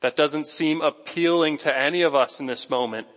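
In a church sanctuary, a male pastor delivers a lively, conversational sermon at normal speed. His voice is a little high for a man and rings with long reverb through the large hall. At times he speaks straight to people in the pews.

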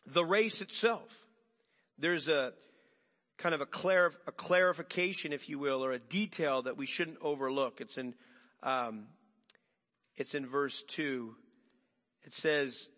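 Animated preaching man in a reverberant hall. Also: medium pitch. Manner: animated preaching with rhetorical questions. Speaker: pastor. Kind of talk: sermon.

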